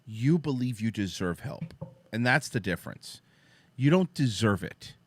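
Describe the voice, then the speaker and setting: A man's voice: medium pitch, big pitch swings, unhurried, no room sound. Blunt, profane male host. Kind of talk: casual profane chat.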